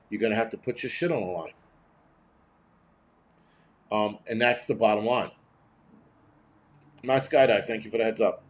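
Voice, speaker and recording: Blunt, profane man hosting a live stream. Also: medium pitch. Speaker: host of a prepping show. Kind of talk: live-stream commentary reading chat.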